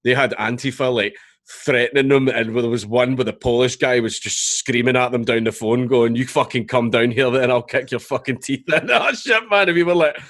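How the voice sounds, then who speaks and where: A man's voice: mid-range voice, normal speed, a bit bright. A Scottish man in his thirties telling stories as a guest in a casual podcast chat, swearing freely. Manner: swearing, storytelling, laughs often.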